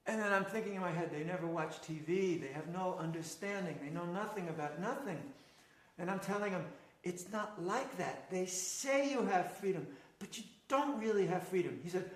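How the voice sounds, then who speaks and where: A man's voice: sits high, moderate pace. A man reminiscing in casual conversation, acting out the dialogue and laughing often as he tells his story. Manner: animated, acts out quoted dialogue, laughs often. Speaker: storyteller recalling past travels. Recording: roomy echoey room.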